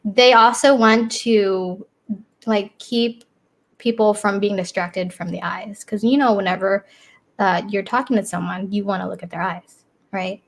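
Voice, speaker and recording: A woman talks as a guest on a casual live talk show. She explains things plainly but hesitantly, filling her pauses with ums. Her voice sits at an ordinary middle pitch. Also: steady tone. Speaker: guest, ASMR creator. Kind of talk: casual interview chat.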